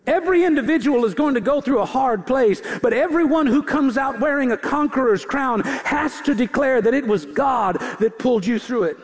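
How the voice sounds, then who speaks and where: A man's voice: very high voice, lively intonation, moderate pace, hardly any pauses. A man preaching a sermon as pastor, with emphatic, rhythmic repetition. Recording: long hall reverb.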